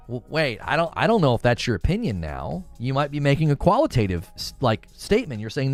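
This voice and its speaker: A man's voice: medium pitch, very animated, a little fast, hardly any pauses, soft background music. A man hosting a gaming commentary show, talking casually with his live chat and arguing his point animatedly, often restarting his sentences. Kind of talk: casual livestream talk, answering chat.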